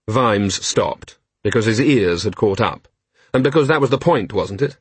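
A male audiobook narrator with a husky voice and lively, wide-ranging pitch. He tells the story with a wry, expressive touch, and the recording sounds close and dry. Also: moderate pace, no room sound.

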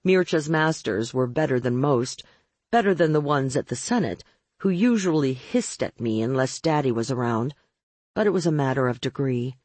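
A woman's voice: very deep voice, lively intonation, moderate pace, a little mellow, dry recording. A woman reading a first-person audiobook with wry, sardonic narration.

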